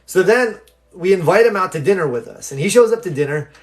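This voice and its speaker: Speaking a little fast in a high-pitched voice, a live stream host tells viewers a story in response to their questions. He acts out each quoted person with animation, rambling loosely with fillers and restarts.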